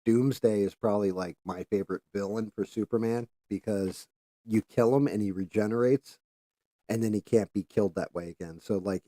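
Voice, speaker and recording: Low mellow-voiced man chatting on a stream. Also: no room sound. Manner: rambling, casual, swears freely; talks while doing careful handwork, trails off at times. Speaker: livestream host. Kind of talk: casual livestream chat while painting.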